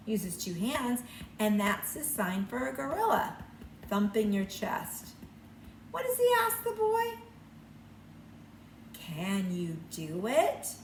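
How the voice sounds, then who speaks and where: An older woman teacher reading a picture book aloud to young children and showing the signs, in a slow, sing-song storytime voice. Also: sits high, big pitch swings, creaky, fairly bright tone, slight background noise. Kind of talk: read-aloud lesson with sign language for children. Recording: echoey room, mic at a distance, faint ambience.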